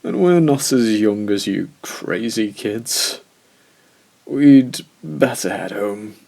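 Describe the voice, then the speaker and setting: A man's voice: fairly low pitch, expressive, vocal fry, darkish tone, heavily acted. A man voicing a drunk older male schoolteacher who slurs and stumbles through his words. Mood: tipsy. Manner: slurred, halting, drawn out.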